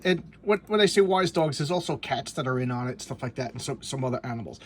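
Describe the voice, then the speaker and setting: Rambling excitable man reviewing a comic. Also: mid-range voice, fast talker, breathy edge. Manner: rambling, excitable, lots of restarts and asides. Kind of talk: casual comic review, reading panels aloud.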